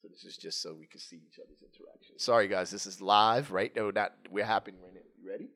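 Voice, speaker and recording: A man co-hosting a podcast, telling a comic story in a casual, animated way. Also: fairly low pitch, fast talker. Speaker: podcast co-host. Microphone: headphones and studio microphone.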